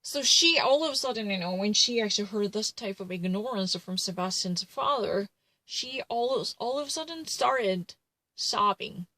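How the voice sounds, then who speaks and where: A woman's voice: mid-range voice, expressive, normal speed, bright, forceful tone, dry recording, low-quality recording. Rambling woman commentator, dry sound. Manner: rambling, heavy with "you know" fillers and self-corrections. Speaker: commentator retelling a true crime case. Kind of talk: casual spoken commentary.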